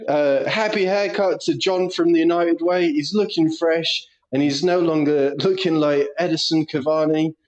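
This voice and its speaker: A podcast co-host with a fairly high voice and steady tone tells stories in a casual chat, cursing and giggling freely. He speaks at a moderate pace with few pauses, and the recording has its highs cut off.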